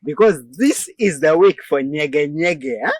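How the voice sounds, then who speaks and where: A man's voice: on the high side, expressive, measured pace, dry recording. A man from Uganda with a Ugandan English accent, hosting a casual news commentary show in a chatty, joking way with frequent laughs. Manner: chatty and joking, laughs often, many fillers. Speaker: host.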